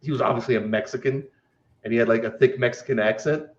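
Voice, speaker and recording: A podcast co-host with a mid-range voice and a steady tone talks fast, telling rambling, casual stories and laughing through them with plenty of fillers. The lo-fi recording sounds dull.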